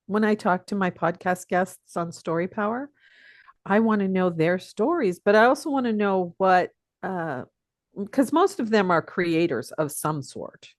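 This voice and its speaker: An older Pacific Northwest teacher, guesting on a podcast, talks reflectively in a casual interview and chuckles often while telling stories. Her medium-pitched voice is expressive and darkish, her pace measured. The studio recording is clean with no echo.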